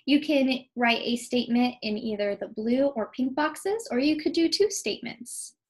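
A woman teacher giving a recorded lesson to young children, patient and clear, slowing down to stress key words. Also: on the high side, animated, poor audio. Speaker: second grade teacher.

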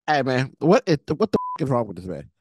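Animated slangy man reacting to a movie. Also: medium pitch, fast talker, slightly rough, no room sound, clean studio sound. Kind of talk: casual movie reaction commentary.

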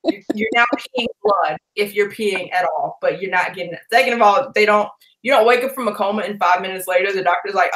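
A woman's voice: medium pitch, a little fast, poor audio. A woman hosting a book club chat, ranting loosely and swearing often. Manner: ranting, profane, animated storytelling. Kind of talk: casual chat.

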